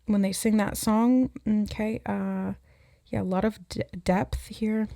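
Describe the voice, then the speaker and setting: A woman's voice: medium pitch, fairly even intonation, slow pace, creaky, dark tone, no echo, clean studio sound. A woman giving an intuitive tarot reading, musing aloud and relaying messages as she receives them. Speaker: tarot reader. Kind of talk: intuitive card reading to camera.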